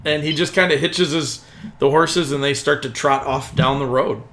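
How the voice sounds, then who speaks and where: Bright-voiced man narrating a tabletop game. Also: a little high, steady tone, normal speed. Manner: casual, rambling narration with fillers. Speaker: game master.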